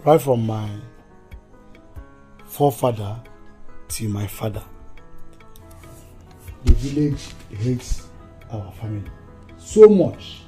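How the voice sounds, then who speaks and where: A Nigerian man acting as a middle-aged father who tells his family's history in a slow, solemn way, in a film. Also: mid-range voice, lively intonation, warm tone, husky. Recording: film audio with faint music.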